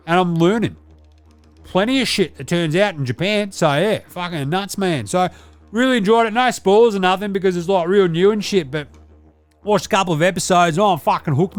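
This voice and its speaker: A man's voice: high-pitched, pitched above the performer's own voice. A man voicing a brash, sweary Australian larrikin bloke who rambles in crude slang with an Australian accent. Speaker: podcast character segment.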